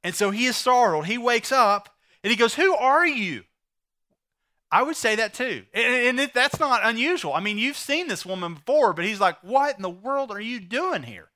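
Man, pastor, sermon, bright voice, lively storytelling. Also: very high-pitched, moderate pace, hardly any pauses. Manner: animated storytelling, voicing the characters.

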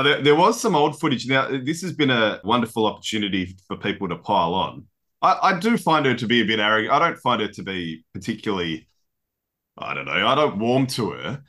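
A man co-hosting a casual sports podcast, chatty and quick to laugh, with mock-legal banter. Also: mid-range voice, sing-song, pushed and bright. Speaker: podcast co-host.

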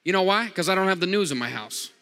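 A man's voice: sits high, animated, fast, pushed and bright, clear, resonant tone. A man preaching a sermon, joking with the congregation and repeating lines with frequent amens. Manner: jokey, call-and-response preaching with repeated amens. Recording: long hall reverb.

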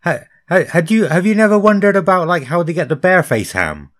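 A man's voice: sits high, expressive, brisk, fairly bright tone. A man co-hosting a podcast, teasing his friends and giggling through casual banter. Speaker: podcast co-host. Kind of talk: casual chat.

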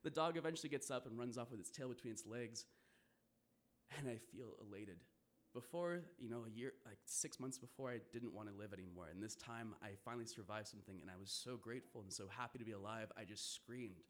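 A man's voice: lowish voice, fairly quick. A man telling a vivid first-person story to an audience, swearing and laughing now and then.

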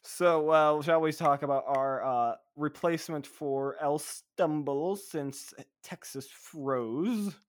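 A man's voice: on the high side, slow pace, few pauses. A man co-hosting a casual podcast, talking eagerly with lots of fillers and restarts. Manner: enthusiastic, rambling with fillers. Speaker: podcast co-host. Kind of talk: casual chat.

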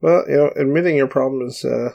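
A man with a gravelly, creaky voice talks in a loose, rambling way. He pokes fun at himself and often restarts his sentences. It sounds like a casual chat between friends. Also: mid-range voice, quick pace, dull audio. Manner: rambling, self-deprecating, many restarts. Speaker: podcast co-host.

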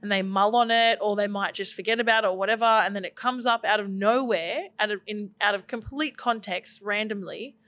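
A woman co-hosts a casual podcast, talking with animated energy and slipping into little quoted examples. Her voice sits at a middle pitch and sounds close and dry, with no room around it. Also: fairly quick, few pauses, dry recording. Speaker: podcast co-host. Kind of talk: casual conversational chat.

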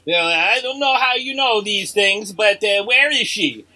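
A man's voice: high voice, animated, unhurried, sharp tone, heavily acted, rough recording. A man reading the part of a desperate husband hunting for his wife, in a crude comedic script read-through.

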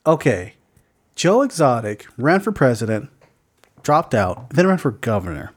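A young man co-hosting a podcast, chatting casually in a rambling, animated way, with lots of fillers and swearing. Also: medium pitch, a little slow, husky. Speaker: podcast co-host. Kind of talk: casual chat.

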